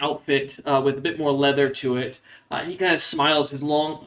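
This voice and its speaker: A man's voice: mid-range voice, pushed and bright, rough recording. A young man running a tabletop game, describing characters and scenes with frequent fillers and hedges. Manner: halting, many fillers and hedges. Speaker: game master.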